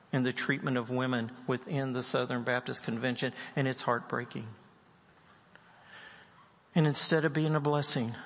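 Husky preacher in a reverberant church. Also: male voice, medium pitch, a bit bright. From West Virginia. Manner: storytelling preacher, acts out the people in his stories. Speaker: pastor. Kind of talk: sermon.

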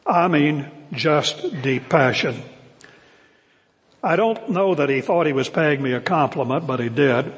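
An older man preaches a sermon to his congregation, his voice sitting a little high for a man. He is earnest and emphatic, slowing down to lean on key words. The sound carries the long reverb of a church hall. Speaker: pastor. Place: church sanctuary.

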